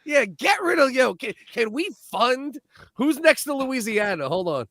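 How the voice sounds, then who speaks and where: A man's voice: extremely high pitch, very animated, measured pace, a crowd in the background. A man co-hosting a comedy livestream, riffing crudely on candy with lots of laughter. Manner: loud, laughing, profane riffing. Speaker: comedy podcast co-host.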